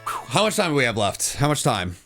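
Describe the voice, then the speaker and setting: A man's voice: medium pitch, very animated, quick pace, fairly bright tone, faint music behind. A man streaming live to his chat, giving casual game commentary and repeating phrases as he goes. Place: home room.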